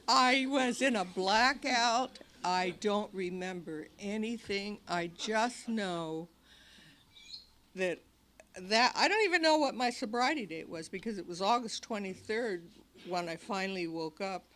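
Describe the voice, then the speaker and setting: A woman's voice: mid-range voice, measured pace, a bit bright. A woman telling her recovery story to an audience in a meeting hall, animatedly acting out her past cries and other people's lines. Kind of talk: personal recovery talk to an audience.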